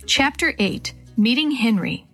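Gentle woman reading a children's story. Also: a little high, animated, measured pace, soft background music. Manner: gentle, clear, storybook delivery. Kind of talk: reading a children's chapter book aloud.

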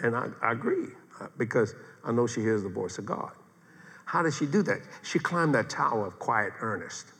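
A man's voice: mid-range voice, moderate pace. Older man preaching in a reverberant hall. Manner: folksy, animated preaching with humor and acted quotes. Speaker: pastor. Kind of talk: sermon.

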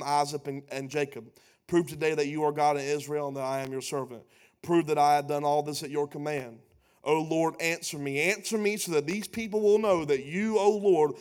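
Preacher guy, high voice, animated and sarcastic, goes loud then quiet. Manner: animated, sarcastic, shifts between loud and hushed. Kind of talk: sermon.

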